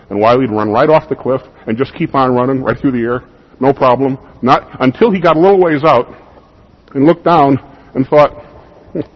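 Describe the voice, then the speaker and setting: A man preaching a sermon in a husky voice, in a conversational style with rhetorical questions to the congregation, in what sounds like a church. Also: mid-range voice. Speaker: pastor. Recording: dull lo-fi recording.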